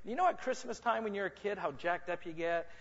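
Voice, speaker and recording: A man with a high voice gives a playful, joking sales seminar to a live audience in a large conference room. He teases audience members as he talks. The sound is a little muffled and carries a long hall echo. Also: fast, fairly bright tone. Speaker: sales and marketing speaker. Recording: muffled reverberant hall recording.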